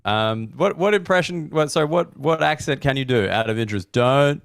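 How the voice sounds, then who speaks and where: An Australian man hosting a comedy podcast, joking around in casual banter with quick asides. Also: medium pitch, animated, creaky, smooth, no echo, studio quality. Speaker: podcast host.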